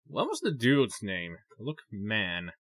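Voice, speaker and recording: A man commenting casually on a game at a slow, unhurried pace, thinking aloud and filling pauses. His voice is bright and lively in pitch. The close desk mic gives a dry sound with no room. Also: dry recording. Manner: hesitant, thinking aloud with many fillers. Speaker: let's play host.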